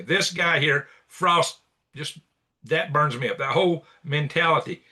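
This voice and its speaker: A man's voice: a little high, unhurried, bright, forceful tone. A man hosting a commentary show, reacting to clips with blunt, indignant rants and repeated insults. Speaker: news commentary host.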